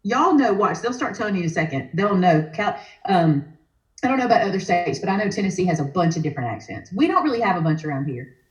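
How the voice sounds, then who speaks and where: A woman's voice: on the low side, very animated, fast talker, echoey room. A woman, chatting enthusiastically on a casual livestream and laughing easily. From Alabama. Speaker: guest.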